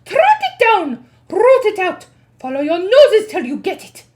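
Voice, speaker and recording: A woman voicing the Grand High Witch, a domineering female witch leader who barks orders and shouts in a storybook reading. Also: big pitch swings, a little slow, full character voice. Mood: furious.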